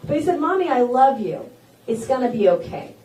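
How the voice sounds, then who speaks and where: A woman in her forties delivers a campaign speech at a town hall, moving from homespun personal stories to rousing promises. Her slightly high voice rings through an echoey hall and is caught from some distance. A faint hum of the room sits behind her. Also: sing-song, a little fast, warm tone. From South Carolina. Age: 40s. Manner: folksy, personal storytelling that builds to rousing declarations. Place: event hall with an audience.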